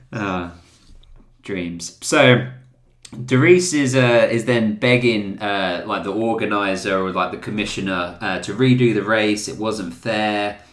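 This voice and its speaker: A male podcast host, excitable and jokey, in casual chat. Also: fairly low pitch, takes it slowly, pauses often, roomy sound.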